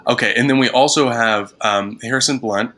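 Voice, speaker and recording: A man's voice: medium pitch, brisk, bright, forceful tone, a little hiss or hum. A man, a theatre director, chatting casually about his cast and laughing easily. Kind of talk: casual chat.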